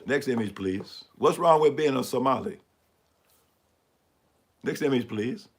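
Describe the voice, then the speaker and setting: In an unhurried, mid-range voice with lively intonation, a man sarcastically ridicules news images during a live stream. He works through the slides, asking for each next image.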